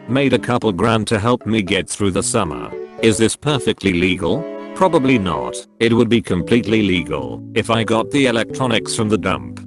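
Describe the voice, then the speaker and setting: A man or a text-to-speech engine producing a lower-pitched male voice that reads forum posts in an even, machine-like rhythm. Its intonation rises and falls in wide sweeps. Music plays clearly behind it the whole time. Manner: evenly paced, synthetic reading of short posts one after another. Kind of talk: automated reading of forum posts. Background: background music.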